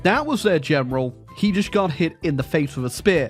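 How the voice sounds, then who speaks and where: A man's voice: lively intonation, fairly quick, hardly any pauses. A man giving sarcastic, joking commentary on his strategy game as a regular channel host. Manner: wry, sarcastic jokes with sudden high pitched jumps. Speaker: gaming commentator. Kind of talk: comedic gameplay commentary. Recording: game music faintly behind.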